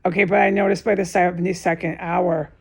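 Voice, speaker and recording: A woman's voice: on the low side, flat delivery, brisk, gravelly. A woman alone in a room, talking in an agitated, profane, repetitive monologue with many restarts. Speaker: vlogger giving testimony. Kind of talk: unscripted emotional monologue to camera.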